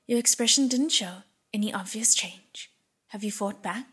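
A breathy-voiced woman voicing a patient young male prince who speaks softly and soothingly, in an audiobook. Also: high-pitched, moderate pace, exaggerated voice. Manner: soft and soothing.

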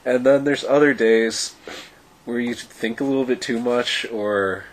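A man calmly explaining, in a casual chat among friends. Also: medium pitch, unhurried, a little hiss or hum, low-quality recording. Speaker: weightlifter, podcast guest.

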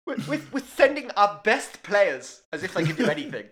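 Giggly podcast co-host with a high, bright voice, loves a silly role-play bit. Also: male voice, very animated, normal speed, slight background noise. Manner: giggly, playful, mock-official role-play. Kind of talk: casual banter.

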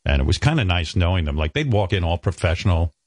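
A male radio host rambles through self-mocking stories in loose studio banter. His voice sits low and a little husky, and it swings widely in pitch. The sound is dry. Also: sing-song, quick pace, no echo. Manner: wry, self-mocking storytelling.

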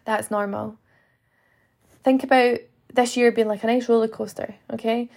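Lady coach doing a pep talk podcast, bit high, lots of gravelly fry. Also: steady tone, normal speed, darkish tone. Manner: earnest, coaching, acts out inner voices. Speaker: podcast host and fitness coach. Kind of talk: motivational podcast monologue.

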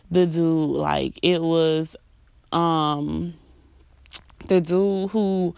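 A young woman pours out a candid, confessional monologue, leaning on filler words and dropping swears without pause. Her voice sits a touch on the low side. The sound is close and dry, with no room around it. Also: vocal fry, no room sound. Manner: candid and raw, heavy filler "like", swears freely; sings snatches of songs between talking. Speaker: vlogger. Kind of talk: casual confessional chat.

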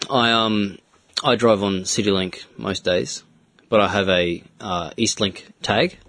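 An Australian man with a fairly low voice, talking in casual chat in a steady, matter-of-fact way. He sounds like a co-host who leads into the break. The sound is dry and close, with no room echo. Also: unhurried. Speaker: podcast co-host.

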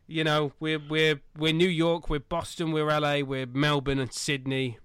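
A man co-hosting a casual football podcast, talking animatedly with loud bursts, swearing and laughing at his own jokes. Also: a little high, little pitch movement, normal speed, hardly any pauses, smooth, no echo, studio quality. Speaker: podcast co-host.

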